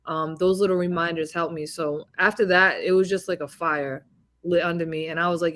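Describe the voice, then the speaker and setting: A woman's voice: fairly low pitch, a little fast. A woman boxing champion talking in a casual interview over a video call, telling stories and acting out the voices of people she quotes. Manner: animated storyteller, acts out quoted dialogue.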